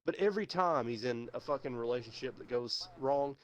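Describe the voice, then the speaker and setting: A man's voice: medium pitch, lively intonation, a little fast, crowd noise. A young man streaming, telling a long story in casual chat, rambling and swearing with lots of fillers. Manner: rambling, profane, many fillers.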